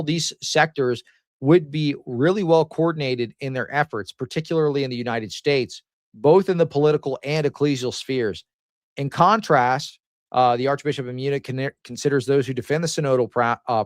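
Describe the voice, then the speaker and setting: A man's voice: on the high side, no echo, studio quality. A man hosting a news commentary show who talks in a casual, slangy way and laughs often. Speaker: host.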